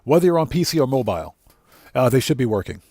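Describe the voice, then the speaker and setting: Male game streamer, relaxed rambling live commentary, mid-pitched. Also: fast talker, no room sound. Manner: rambling, easygoing, many fillers and self-corrections. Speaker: GTA streamer and content creator. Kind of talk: live gameplay commentary, reading chat.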